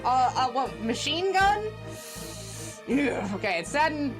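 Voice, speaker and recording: A young woman chatting excitedly while streaming a game, over game music. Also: high-pitched, unhurried, long pauses. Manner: chatty and excitable, reacts aloud. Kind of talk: casual gameplay commentary. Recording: game music playing under the voice.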